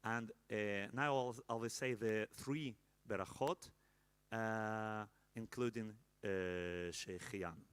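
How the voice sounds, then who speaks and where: At a live celebration, a man with an Israeli accent leads a candle-lighting prayer, halting and full of fillers, tossing joking asides to the crowd. His voice is lowish yet fairly bright, with a little hiss or hum.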